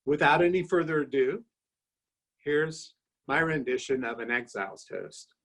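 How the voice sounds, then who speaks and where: A man in his fifties giving informative, steady remarks before a recitation at a fraternity dinner, pausing often with "uh". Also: a little high, low-quality recording. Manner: steady, informative, with frequent "uh" pauses. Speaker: toast presenter at a fraternity dinner.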